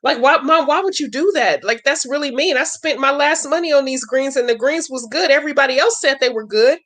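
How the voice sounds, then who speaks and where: A woman's voice: brisk, fairly bright tone. A woman doing a hurt, pleading daughter. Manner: pleading, wounded, high-pitched. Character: hurt young woman protesting to her mother.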